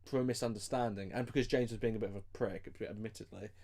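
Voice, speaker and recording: A man's voice: fairly low pitch, steady tone, fast, darkish tone. A man co-hosting a podcast in casual chat, swearing freely and laughing often. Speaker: podcast co-host.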